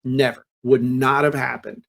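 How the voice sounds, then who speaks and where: A man hosting a casual business podcast, telling a personal story with lively restarts and repeated words. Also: mid-range voice, a little slow, vocal fry. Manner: laughs easily and jokes. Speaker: podcast host. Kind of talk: casual chat.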